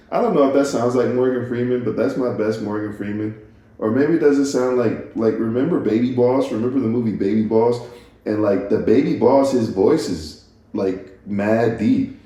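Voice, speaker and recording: A man's voice: mid-range voice, lively intonation, moderate pace, mellow. A man hosting a solo podcast, musing casually and rambling, stopping and restarting and laughing at himself. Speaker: podcast host. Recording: echoey room.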